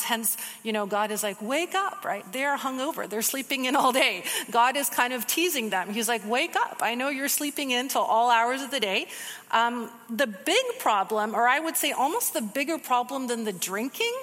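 Bright-voiced woman teaching scripture. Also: fairly high pitch, big-room sound. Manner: conversational, animated, quick asides. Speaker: Bible teacher. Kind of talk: casual sermon.

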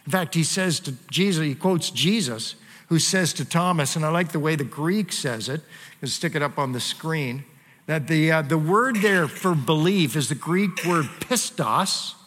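A man's voice: a little high, animated, a little slow, fairly bright tone, in a large hall, slight background noise. A man preaching a sermon as pastor, talking in a conversational way with frequent fillers and asides to the congregation.

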